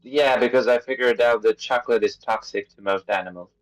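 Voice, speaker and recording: A man's voice: medium pitch, fairly quick, low-quality recording. A man playing a tabletop game, joking and playful with the game master. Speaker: player. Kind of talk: casual tabletop play.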